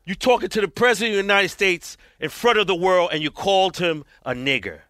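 A man's voice: high voice, animated, fast, a bit bright, no echo, clean studio sound. A man in casual podcast chat, emphatic and profane.

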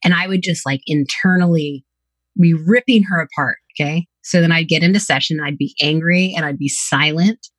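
A woman's voice: sits low, moderate pace, no echo. A woman psychotherapist speaking candidly in a podcast interview, telling reflective stories about her own life and her clients. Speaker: psychotherapist guest.

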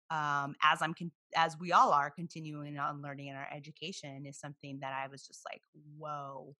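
A woman co-hosting a podcast, telling stories in casual chat, emphatic and quick to laugh. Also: sits low, bright, forceful tone, dry recording. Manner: storytelling, emphatic, laughs easily. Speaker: podcast co-host.

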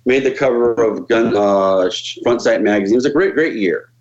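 A man with a lowish voice tells casual stories as a podcast guest, speaking at a normal speed. He swears liberally and animatedly acts out the people he quotes, though the recording is muffled.

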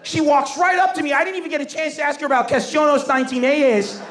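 A man telling a stand-up comedy story, acting out voices and shouting his punchlines. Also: extremely high pitch, fast. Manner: animated, acts out voices, laughing, shouting punchlines. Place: stage before a live audience. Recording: roomy venue with faint crowd and noise.

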